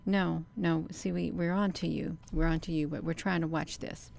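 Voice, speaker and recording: Woman, low gravelly voice, excited livestream commentary, addresses viewers directly. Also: normal speed. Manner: excited, talks to viewers as "you all". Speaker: video creator.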